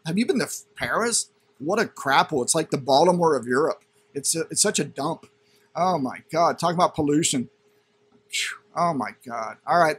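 A man's voice: fairly high pitch, a bit bright, slightly rough. A man hosting a crypto channel, reading a news item aloud and ranting at it with sarcastic, indignant commentary.

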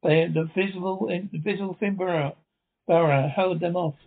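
A man's voice: high-pitched, fairly even intonation, normal speed. A man reading the part of a lighthouse keeper as he recalls the rat siege, with plain delivery and frequent restarts. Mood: uneasy recollection. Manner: reads lines plainly with restarts. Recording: tinny phone-like sound.

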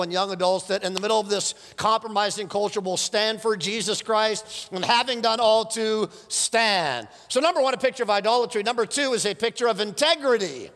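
Fervent pastor in a reverberant hall. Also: male voice, a little high, a bit bright. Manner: storytelling, rising to fervent exhortation. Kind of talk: sermon. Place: large church hall.

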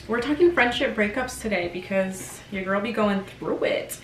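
A woman's voice: medium pitch, steady tone, normal speed, hardly any pauses, background noise. A woman in her twenties from Canada, a vlogger chatting candidly while she eats. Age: 20s. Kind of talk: casual chat. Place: home room, dining at table. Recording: echoey room with faint kitchen clatter.

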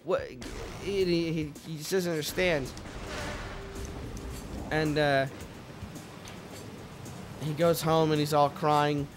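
A man hosting a let's play tells a winding story in a slightly high voice, stumbling through fillers and restarts and dropping casual curses. Faint game music plays underneath him. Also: level tone, slow pace, long pauses. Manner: meandering, lots of fillers and restarts, swears casually. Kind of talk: rambling casual storytelling while gaming.

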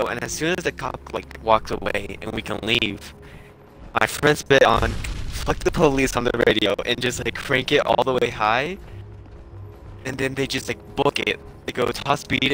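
A man's voice: mid-range voice, moderate pace, fairly bright tone, faint music behind, rough recording. A young man casually telling a long story on a live stream, rambling along with lots of filler "like"s. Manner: rambling, with many filler likes and chuckles.

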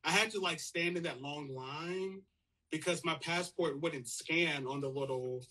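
A man's voice: a little high, measured pace, sharp tone. A young man, a guest on a casual live-stream chat, talking loosely with lots of fillers and frequent laughter. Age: young adult.

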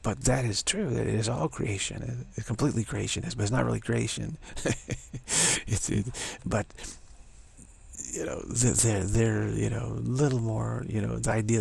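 Man, spiritual teacher, rambling, husky, rough fry in the voice. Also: on the low side, fairly even intonation, normal speed, a little mellow. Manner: rambling, laughing, acts out imagined voices. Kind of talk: informal spiritual talk.

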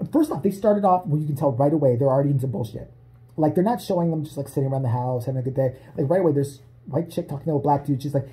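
A man's voice: on the high side, warm tone. Profane, laughing man ranting casually. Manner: profane, laughing, jumps into voices. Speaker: vlogger. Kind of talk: casual comedic rant.

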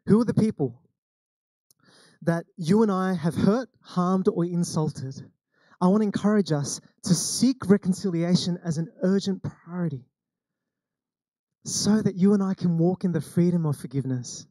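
Conversational Australian male pastor, mellow voice. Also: high voice, moderate pace, dry recording. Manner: conversational storytelling with acted quotes. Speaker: senior pastor. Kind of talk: sermon.

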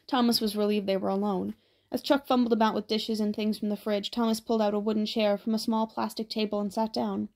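A woman narrating an audiobook in a steady, even storytelling manner. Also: mid-range voice, fairly quick, gravelly.

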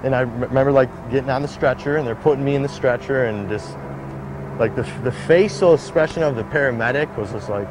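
Over background music and some background noise, a fast-talking man with a mid-range voice tells his own story in a casual interview. He rambles, leans heavily on fillers, and acts out the voices of people he quotes.

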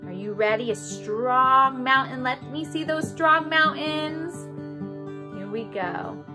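Woman music therapist, high voice, unhurried and gentle with kids, guitar behind. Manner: gentle, encouraging, coaching kids through poses and songs. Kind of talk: remote music therapy session for children.

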